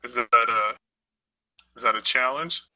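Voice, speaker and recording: A man's voice: medium pitch, measured pace, pushed and bright, rough recording. A man playing a tabletop game, joking and bantering as his character. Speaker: player.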